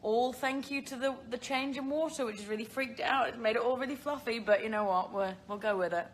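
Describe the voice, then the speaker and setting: This young British woman's voice sits a little high, and she speaks fairly quickly. Live-streaming from her phone, she takes viewer questions casually, rambling along with lots of fillers and giggles.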